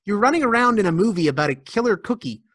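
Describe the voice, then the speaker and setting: A man's voice: high voice, big pitch swings, quick pace, fairly bright tone. A man hosting an interview, asking casual questions with laid-back, wry reactions. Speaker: interview host.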